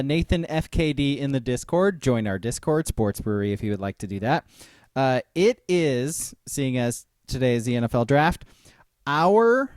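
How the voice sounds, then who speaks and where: A man's voice: mid-range voice, no room sound. Guy cohosting a sports podcast, dry close mic, joking around and keeping the show moving. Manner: wry, teasing, runs the segments. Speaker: podcast co-host. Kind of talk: casual sports chat.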